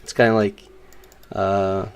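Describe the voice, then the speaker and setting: A man's voice: on the low side, little pitch movement, slow, clean tone. A man streaming a game, chatting casually and sarcastically, rambling with lots of fillers. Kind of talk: casual live-stream chat.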